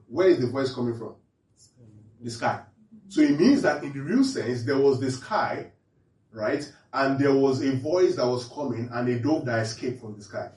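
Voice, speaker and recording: In an echoey room picked up by a distant mic, a pastor with a medium-pitched, darkish voice gives an interactive Bible-teaching sermon, preaching and often asking his audience the same questions again and again.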